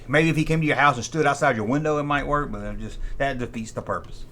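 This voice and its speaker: A man talks through old toys in a relaxed, nostalgic way. His voice sits at an ordinary middle pitch, and his remarks come out blunt, wry and a bit dismissive. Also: fast talker. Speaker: toy review host. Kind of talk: casual nostalgic toy commentary.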